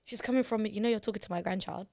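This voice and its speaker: A woman's voice: medium pitch, very fast, dark tone. A woman co-hosting a podcast, rambling in casual chat, full of fillers and free with swearing. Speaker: podcast co-host.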